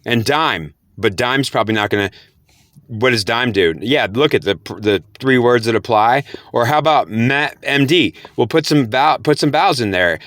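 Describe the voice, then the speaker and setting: A man's voice: mid-range voice, expressive, normal speed, fairly bright tone, no echo. A man explaining spirit messages to camera. He repeats himself, sounds out words syllable by syllable, and breaks into incredulous outbursts. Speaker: spiritual speaker.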